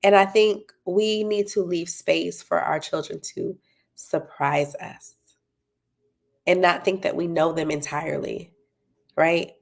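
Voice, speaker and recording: A woman's voice: fairly low pitch, fairly even intonation, takes it slowly, gravelly. A woman running a parenting talk, encouraging and checking in with her listeners as she promotes her tutoring company. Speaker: parenting coach and tutoring business owner.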